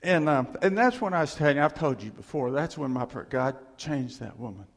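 A middle-aged man giving a personal testimony to a congregation, telling the story with lively animation and frequent chuckles. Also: mid-range voice, a little fast, a little hiss or hum. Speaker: church speaker sharing testimony. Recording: long reverb of a large hall.

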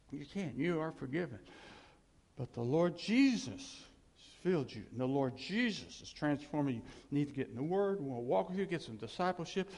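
Male pastor, high voice, rambling conversational sermon, echoing church hall. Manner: conversational, rambling, with sudden loud rises.

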